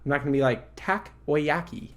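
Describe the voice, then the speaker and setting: Bright-voiced, opinionated man. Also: on the high side, animated, moderate pace. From Canada. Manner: opinionated, profane, laughing. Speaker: podcast co-host. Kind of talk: casual chat.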